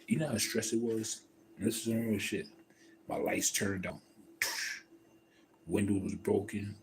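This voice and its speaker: A man in a casual livestream monologue, telling a story in a profane, emphatic and rambling way. He swings between loud outbursts and low mutters. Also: noisy background. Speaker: livestream host.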